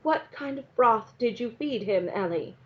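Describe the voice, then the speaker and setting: A woman's voice: on the high side, animated, measured pace. A woman reading aloud, voicing a stern, worried mother who speaks firmly and questions pointedly. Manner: firm, questioning. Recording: dull lo-fi recording.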